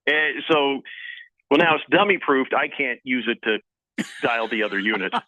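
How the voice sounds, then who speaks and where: A man hosting a casual sports radio show, reading listener messages aloud in a jokey, lively way. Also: medium pitch, no echo. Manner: jokey, lively, talks fast in spurts. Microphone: phone line into the studio. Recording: tinny phone line, dry.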